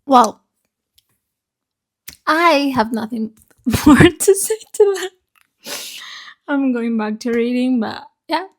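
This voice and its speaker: A woman's voice: on the high side, expressive, slow, long pauses. A woman book vlogger chatting casually about her week's reads, rambling and swearing freely, recorded on a phone. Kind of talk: casual chat about books.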